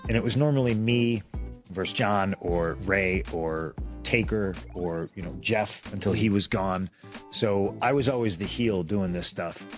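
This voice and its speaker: A man rambles through an animated backstage story, acting out the dialogue as he goes. His voice is on the low side, and faint music sits underneath. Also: unhurried. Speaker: wrestler telling a story. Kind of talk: casual podcast anecdote.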